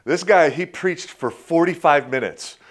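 Middle-aged guy pastor, folksy sermon, lots of restarts n little laughs. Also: a little high. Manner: folksy, halting, frequent restarts and chuckles. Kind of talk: conversational sermon with personal stories.

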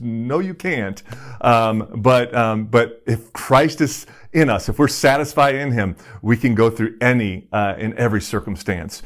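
A man's voice: mid-range voice, moderate pace. A middle-aged man preaching a sermon as a pastor, in a conversational, self-deprecating way, acting out quotes and using props.

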